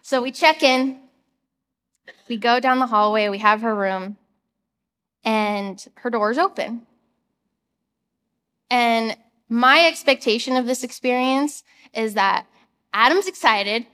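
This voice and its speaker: A woman's voice: on the high side, slow, pauses often, a bit bright, long reverb tail. A young woman giving a church message, telling a personal story in a chatty way and laughing at herself. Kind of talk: personal testimony sermon.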